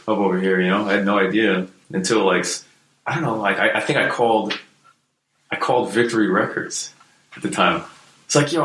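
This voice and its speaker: A man's voice: low-pitched, a bit bright. A man being interviewed about his music past, talking in a loose, laid-back way with lots of fillers and swearing. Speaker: guest, hardcore musician. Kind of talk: casual storytelling interview. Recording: roomy echo, faint noise.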